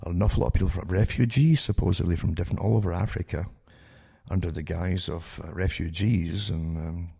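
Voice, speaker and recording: A man's voice: low voice, quick pace, creaky, hardly any pauses, mellow, husky. An older man hosting a talk radio show, rambling with many restarts and sarcastic asides that end in "eh?".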